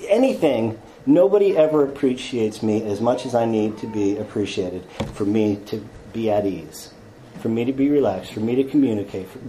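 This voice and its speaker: Man, confessional storytelling, warm mellow tone, stammering restarts, wry self-deprecating humor. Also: mid-range voice, slight background noise, poor audio. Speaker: speaker telling his life story to a group.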